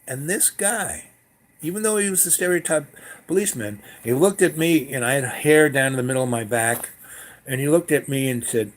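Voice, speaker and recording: A man's voice: mid-range voice, moderate pace. An older man telling a long personal story in a meandering way, full of fillers and asides. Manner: meandering, full of "you know" and "um". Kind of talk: rambling personal anecdote.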